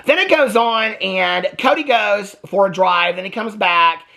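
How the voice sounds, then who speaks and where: A man's voice: high-pitched, a little slow, vocal fry, sharp tone. Ranting, exasperated male TV recapper. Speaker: TV recap vlogger. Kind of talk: casual commentary.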